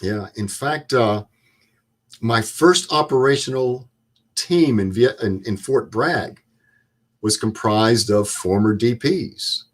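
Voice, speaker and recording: A man in his seventies, a guest, telling stories in a plain-spoken, measured way. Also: mid-range voice. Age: 70s. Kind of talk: storytelling interview.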